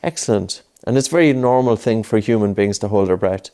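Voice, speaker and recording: In a guided breathing lesson, a male instructor patiently coaxes a child through the exercises, repeating his cues. He has a lowish, mellow voice and speaks a little fast.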